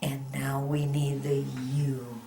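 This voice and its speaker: A woman teaching young children to read, sounding out letters slowly and patiently with encouraging praise. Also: a bass voice, little pitch movement, dark tone, reverberant, slight background noise. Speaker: reading teacher. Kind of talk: phonics lesson for young children.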